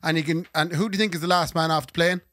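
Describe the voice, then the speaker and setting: A man's voice: on the high side, fairly even intonation, rapid-fire, pushed and bright, dry recording, clean studio sound. A man co-hosting a podcast, quizzing his friend and laughing often. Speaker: podcast co-host. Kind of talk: casual comedic chat.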